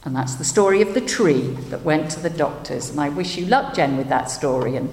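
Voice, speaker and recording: A woman minister gently telling a story for all ages during a service, with some hesitation. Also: deep voice, lively intonation, brisk, a little hiss or hum. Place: worship hall. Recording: echoey hall, faint ambience.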